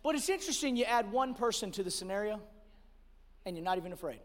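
High-voiced man preaching in a hall. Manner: animated preaching, swings from hushed to shouting; repeats words in quick restarts. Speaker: pastor. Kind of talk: sermon.

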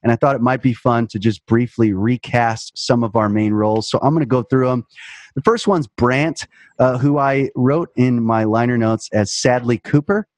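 A man's voice: mid-range voice, normal speed, darkish tone, no echo. A man hosting a casual comedic podcast, reading reviews aloud with mock gravity and a wry manner. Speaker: podcast host.

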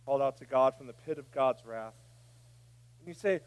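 A man preaching a sermon, dropping to a hush and then rising to a shout. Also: mid-range voice, moderate pace, long pauses. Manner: preaching, swinging from hushed to shouting. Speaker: pastor.

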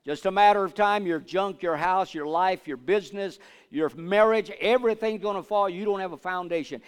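A man preaching as a pastor, asking the congregation for amens and building to loud fervent declarations. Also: high voice, moderate pace, smooth. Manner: repetitive call-and-response, asks for amens. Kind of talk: sermon. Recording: long hall reverb.

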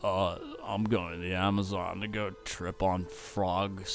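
A man doing a quick impression of a spaced-out male TV journalist, drawling slowly with halting hesitations. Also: low voice, little pitch movement, voice pushed down. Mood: dazed.

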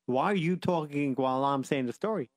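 Playful guy telling kids a story, keeps wandering off, voice a bit high, dry sound. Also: a little fast, no echo. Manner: rambling, self-interrupting, playful. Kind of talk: storytelling for children with banter.

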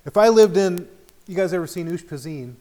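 Middle-aged male Bible study teacher, fairly high voice, chatty and informal, checks in with the group. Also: a little fast, dark tone. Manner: conversational, asks the group questions often.

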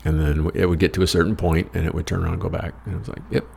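A man's voice: sits low, little pitch movement, very fast, creaky, a little mellow, a little hiss or hum. An American man telling a rambling travel story in a wry, profane, self-mocking way. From United States. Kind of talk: casual personal storytelling.

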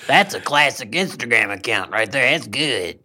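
A man co-hosting a comedy podcast in a deadpan, laid-back way. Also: medium pitch, moderate pace. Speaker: podcast co-host. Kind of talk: casual comedic chat.

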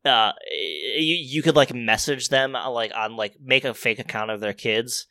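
Bright-voiced young man chatting loosely. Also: mid-range voice, measured pace, creaky, no room sound. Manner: rambling, profane, many fillers and restarts. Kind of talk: casual chat.

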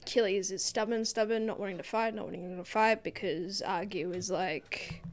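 A woman's voice: mid-range voice, fairly even intonation, moderate pace. A woman in a casual book discussion, rambling through a plot retelling with lots of "like".

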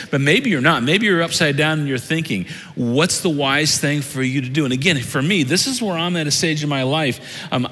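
Middle-aged pastor preaching in a reverberant hall. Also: male voice, on the high side, fairly bright tone. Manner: conversational preaching with direct questions to the congregation. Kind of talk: sermon.

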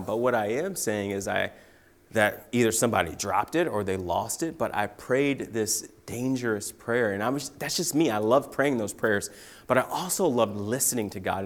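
A young man preaching a sermon, telling personal stories with lively swings from loud excitement to quiet, hushed emphasis. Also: medium pitch. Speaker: guest preacher.

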